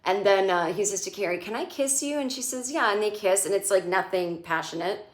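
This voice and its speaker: A woman in her forties riffs on a TV episode in a loose, sarcastic stand-up manner, cursing freely and slipping into the characters' lines. Her voice sits at an ordinary middle pitch. The room around her rings with a noticeable echo. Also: brisk. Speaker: comedian recapping a TV show. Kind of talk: casual comedic recap. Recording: echoey room.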